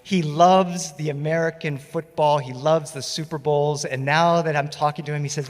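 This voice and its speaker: A man performing stories live on a festival stage, playful and animated, speaking into a stage microphone. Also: on the high side, normal speed, few pauses, in a large hall. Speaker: storyteller. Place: festival stage before an audience.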